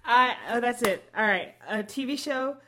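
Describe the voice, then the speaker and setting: A woman's voice: a little high, normal speed, sharp tone, slight background noise. A woman in casual chat, cutting in with wry, joking reactions.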